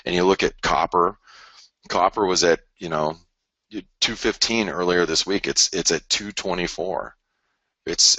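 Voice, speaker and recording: On a live trading broadcast, a man with a very deep voice and a bright, forceful tone rambles about currency charts. He keeps repeating himself and imitates traders mockingly. The recording is dry.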